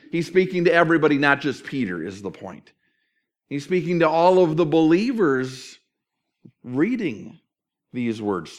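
Lively middle-aged pastor preaching conversationally. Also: male voice, a little high. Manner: conversational, lively preaching with rhetorical questions and quoted asides. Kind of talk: sermon.

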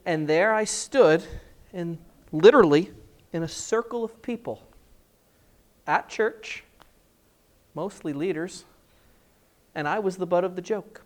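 A man preaching a sermon, telling stories with lively acted-out dialogue. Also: sits high, slow, pauses often. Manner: animated storytelling, acting out scenes in different voices. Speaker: pastor.

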